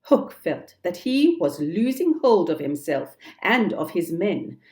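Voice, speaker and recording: Woman storybook reader, low and slow, calm and measured. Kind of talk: children's storybook narration.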